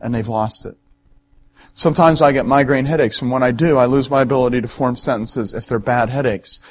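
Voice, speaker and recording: A man's voice: medium pitch, a little fast. A middle-aged man, a pastor giving a sermon in a conversational, storytelling way and speaking directly to his listeners.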